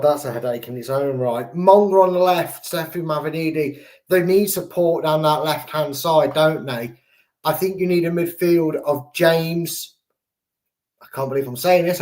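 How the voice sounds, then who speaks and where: English guy hosting a footy fan show, bit high voice, jokey and rambly. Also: a little mellow. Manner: chatty, jokey, rambling with restarts. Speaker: fan channel host. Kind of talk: casual football preview chat.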